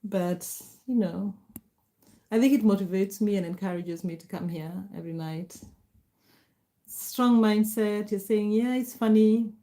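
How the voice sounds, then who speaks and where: A middle-aged woman hosting a casual livestream, warmly greeting viewers by name and laughing often. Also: mid-range voice, measured pace. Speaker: livestream host. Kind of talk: casual livestream chat reading comments.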